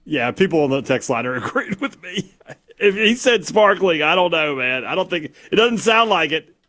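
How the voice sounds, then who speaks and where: A man's voice: on the high side, big pitch swings, moderate pace, bright, forceful tone. A man co-hosting sports talk radio in casual banter, arguing playfully with frequent stammered restarts.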